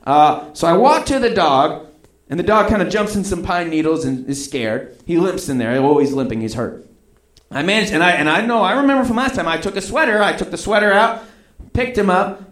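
A man with a slightly higher voice tells a personal story in a loose, rambling way. He acts out the other people's lines as he goes. The recording has a roomy echo. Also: lively intonation, brisk, fairly bright tone.

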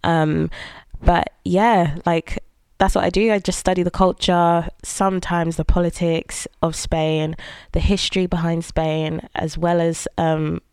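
A woman's voice: lowish voice, measured pace, smooth, no room sound. A woman in her twenties, a student guest chatting casually and teasing the host. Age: 20s. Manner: relaxed, teasing, laughs easily. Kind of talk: casual podcast chat. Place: Manchester.

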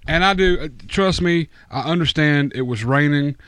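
Male co-host, slightly high voice, exasperated rambling chat, dry close mic. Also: moderate pace, a bit bright, smooth, dry recording. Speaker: podcast co-host. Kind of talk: casual fantasy football chat.

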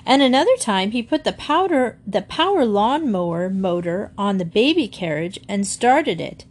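A woman's voice: mid-range voice, very animated, normal speed. A woman reading aloud, voicing a cheerful neighbor, a mother of eight, who chats breezily. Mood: chatty. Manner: chatty, breezy storytelling.

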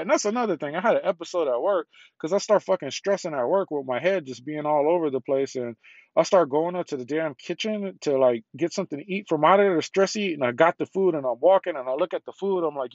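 A man's voice: fairly high pitch, fast talker, dry recording, muffled recording. A middle-aged man venting on a solo podcast from a parked car, rambling and frustrated, swearing a lot and sounding congested.

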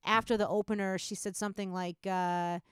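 A woman chatting on a podcast, spinning a story and jumping up in pitch whenever she quotes someone. Her voice is smooth and clean. The sound is dry and close. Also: steady tone, a little fast, no room sound. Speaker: podcast co-host. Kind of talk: casual chat.

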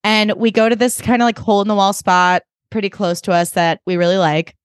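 A woman's voice: mid-range voice, flat delivery, fairly quick, clear, resonant tone, no echo. Woman podcast cohost just chatting, lots of likes, swears a bit, dry sound. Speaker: podcast co-host. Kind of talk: casual chat. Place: Los Angeles area.

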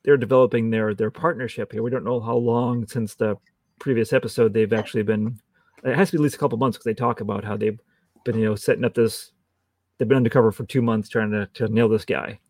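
A man's voice: fairly low pitch, fairly even intonation, fast talker, darkish tone, no echo. A man co-hosting a podcast, chatting casually about a TV episode, chatty and laughing often as he acts out lines from scenes. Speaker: podcast co-host. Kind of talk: casual chat reviewing a TV episode.

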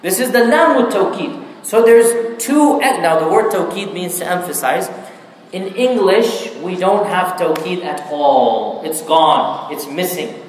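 A man's voice: sits high, slight background noise. A man teaching Quran commentary as a lecture. He speaks emphatically and keeps checking understanding with rhetorical questions. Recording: very echoey hall with long reverb and faint ambience.

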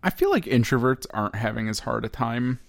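A man's voice: mid-range voice, animated, fairly quick, vocal fry. A man co-hosting a podcast in casual chat, making wry joking asides. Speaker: podcast co-host.

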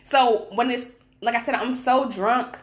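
A young woman telling a wild night-out story in casual podcast chat, animated and profane, acting out the people she quotes. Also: on the high side, a little slow. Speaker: podcast co-host.

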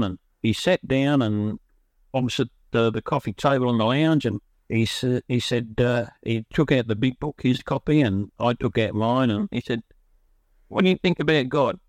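A man's voice: medium pitch, no echo. A middle-aged man with an Australian accent, telling his own recovery story in a rambling, earnest way, often stopping to restart his sentences. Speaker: recovery speaker.

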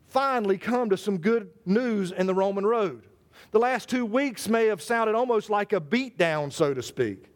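High-voiced preacher, emphatic. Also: male voice. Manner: emphatic, repeats words, slows to stress scripture. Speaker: pastor. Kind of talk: sermon. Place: church service.

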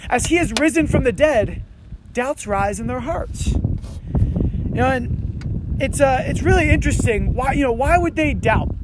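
High-voiced pastor preaching casually. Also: male voice, a little slow, pauses often, background noise. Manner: conversational, animated preaching with frequent "you know" and "right". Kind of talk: sermon. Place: outdoors under tents on a windy morning.

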